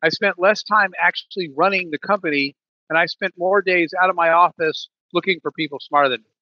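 A man's voice: sits high, a little fast, no echo, muffled recording. A man in a podcast interview, telling a business story with many restarts and fillers. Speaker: podcast guest, business leader.

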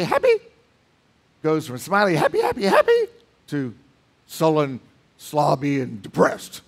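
A pastor preaching in a church, emphatic, with dramatic swings between loud lines and hushed ones. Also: male voice, on the high side. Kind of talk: sermon. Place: church sanctuary.

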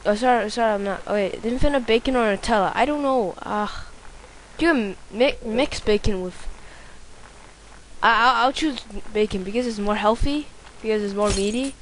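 Excitable swearing let's-play woman, noisy recording. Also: a little high, normal speed. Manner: excitable, swears a lot, yells at the game. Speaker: gameplay commentator.

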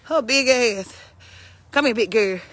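A woman's voice: fairly high pitch, unhurried, fairly bright tone. A woman calling and scolding her farm animals outdoors, as if they were naughty kids. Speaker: vlogger. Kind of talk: casual chat while calling farm animals.

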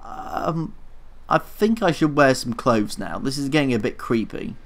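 A man's voice: medium pitch, expressive, a little slow. A young man commenting casually on his own gameplay, flustered, swearing a lot and mocking himself. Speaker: gaming YouTuber. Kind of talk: casual let's play commentary.

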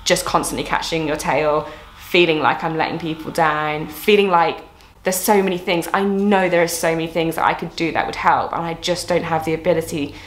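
Young woman coach rambling earnestly to camera, low voice, bit of room echo. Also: fairly even intonation, fairly quick. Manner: earnest, reflective, rambling with restarts. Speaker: fitness coach and YouTuber. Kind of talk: candid talking-to-camera vlog.

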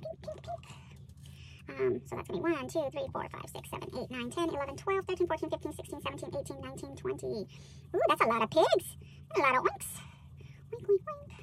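A woman's voice: high voice, fast, background noise. A woman hosting a budgeting vlog, chatting casually with many fillers while counting out cash. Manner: bubbly excited exclamations.

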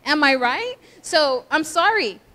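A woman's voice: high voice, very animated, slow pace, pushed and bright. A woman pastor preaching a sermon, direct and exhorting, asking her listeners for responses. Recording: long hall reverb.

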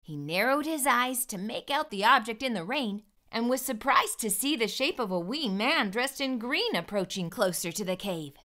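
Bright, lively woman reading to kids. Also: fairly high pitch, moderate pace, hardly any pauses. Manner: warm expressive read-aloud. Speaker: children's storytime host. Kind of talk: read-aloud storytelling for kids.

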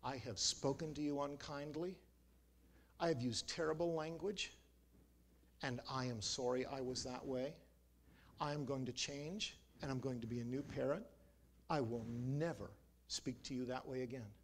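A man voicing a formerly foul-mouthed pet parrot that now talks in a slow, contrite, formal way, lower and softer than his preaching voice. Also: fairly even intonation, slight background noise, natural voice.

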